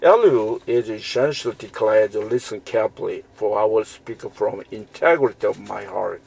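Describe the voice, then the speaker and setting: Reading Bible verses and commenting on them, this man restarts frequently and fills gaps with fillers as he teaches slowly through scripture. His low voice is husky, a little mellow, with vocal fry, at normal speed. The recording quality is poor.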